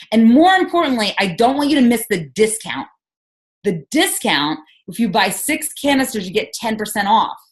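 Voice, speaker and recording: Upbeat woman coaching her team. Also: a little high. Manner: energetic, enthusiastic, fires off rhetorical questions. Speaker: sales team leader. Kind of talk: motivational coaching on a team call. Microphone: conference call.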